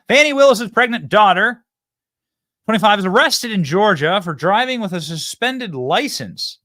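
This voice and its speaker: A man's voice: high-pitched, normal speed, no room sound, studio quality. A man hosting a political commentary show, mocking and sarcastic as he reacts to news and interviews a guest. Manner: mocking, sarcastic, animated delivery. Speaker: show host.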